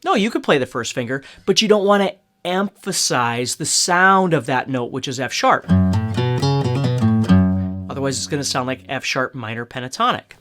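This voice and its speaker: A man giving a casual, step-by-step guitar lesson, often checking in with "okay?". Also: on the high side. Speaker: guitar teacher. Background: acoustic guitar playing.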